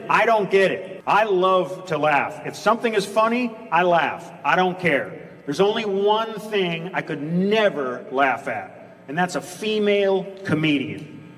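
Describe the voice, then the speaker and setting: Brash male stand-up comic, club echo. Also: a little high. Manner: brash, teasing, shifts into mock voices for bits. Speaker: stand-up comedian. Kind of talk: stand-up comedy with crowd work. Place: comedy club stage. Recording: echoey club with loud crowd noise.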